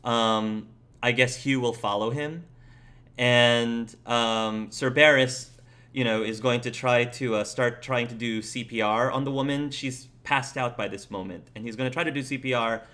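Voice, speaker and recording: A man's voice: mid-range voice, steady tone, moderate pace, sharp tone. Young male game master, casual narration, mid-range voice. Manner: casual, filler-heavy narration.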